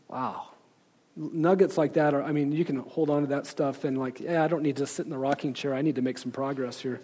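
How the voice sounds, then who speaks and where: A man, apparently a pastor, informally recommending books and pausing often as he reflects. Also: mid-range voice, steady tone, dark tone, husky. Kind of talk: informal book recommendations with read-aloud quotes.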